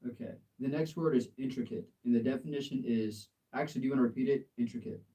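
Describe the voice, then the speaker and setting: American man tutoring English, mellow voice. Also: medium pitch, fast, distant mic, low-quality recording. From United States. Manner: encouraging, laughs often, corrects pronunciation. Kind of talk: live language exchange lesson.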